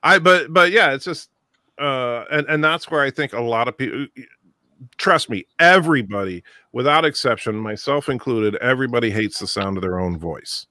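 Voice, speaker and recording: A man's voice: mid-range voice, animated, moderate pace, pushed and bright, no echo, studio quality. A man hosting a casual group chat, talkative and jokey, often restarting his sentences. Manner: chatty, self-interrupting, jokey. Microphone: studio microphone.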